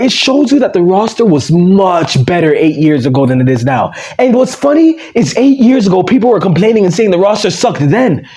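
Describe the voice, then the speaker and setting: A man's voice: sits high, dark tone. A man giving a casual, profane rant as a wrestling vlogger, blunt and exasperated. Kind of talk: casual ranting commentary.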